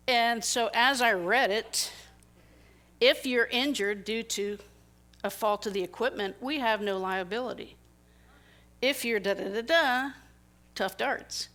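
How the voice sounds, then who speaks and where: A woman's voice: fairly high pitch, normal speed. A middle-aged woman giving a conversational sermon, telling personal stories and acting out the people in them. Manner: animated storytelling, acting out quoted people. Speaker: speaker.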